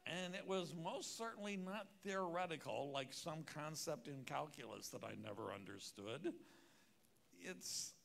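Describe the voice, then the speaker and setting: A man's voice: fairly high pitch, animated, moderate pace, gravelly, few pauses, a bit bright, a little hiss or hum. A man preaching at a church conference, telling a personal story with wry, self-mocking humor. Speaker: conference speaker. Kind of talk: storytelling sermon.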